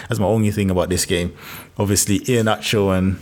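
A man co-hosting a football podcast in casual banter, animated and exasperated, laughing often. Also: deep voice, quick pace. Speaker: podcast co-host.

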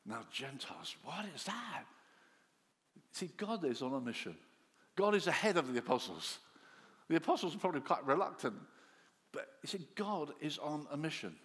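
A man preaching a sermon, telling the story in an animated way and acting out the disciples' voices, dropping to soft low tones for quiet lines. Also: normal speed, long pauses. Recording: long hall reverb.

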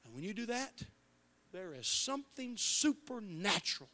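A male pastor preaching a passionate sermon in a church, moving from hushed words to shouts, with a Midwestern American accent. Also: sits high, sing-song, normal speed, slight background noise. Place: church sanctuary.

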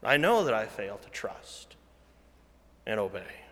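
A man preaching a sermon, slow and deliberate, rising loud and falling to a hush. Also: lowish voice, big pitch swings, long reverb tail. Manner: slow, deliberate preaching that swells louder then drops to a hush.

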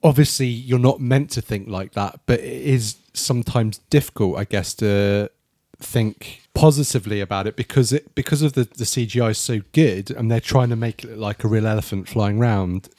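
A man's voice: on the low side, normal speed, few pauses, warm tone, dry recording, clean studio sound. Man rambling in film chat. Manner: rambling, restarts often. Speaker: podcast co-host. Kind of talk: casual film review chat.

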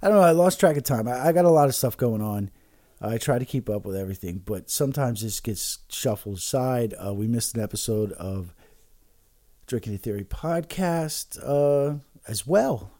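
A man talks alone into a podcast mic, rambling and swearing freely, stumbling over restarts and fillers. He is drinking shots of liquor as he goes. His voice is dark and mellow, and the recording sounds dry and close. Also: mid-range voice, expressive, normal speed, no room sound. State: drinking shots while talking. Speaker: podcast host. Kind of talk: casual rambling monologue.

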